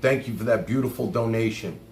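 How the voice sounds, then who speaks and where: A man's voice: lowish voice, brisk, darkish tone, slight background noise. A man hosting a livestream, delivering an angry, profane rant. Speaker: livestream host. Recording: echoey room.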